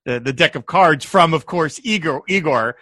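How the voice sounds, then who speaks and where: A man co-hosting a casual chat, animated and laughing often as he retells scenes. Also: a little high, moderate pace, dry recording, clean studio sound. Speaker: podcast co-host. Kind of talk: casual chat recapping a TV episode.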